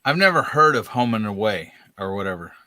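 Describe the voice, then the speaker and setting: A man's voice: on the low side, very animated, a little fast, sharp tone, no room sound. A man co-hosting a casual live stream chat, teasing his friends and laughing often.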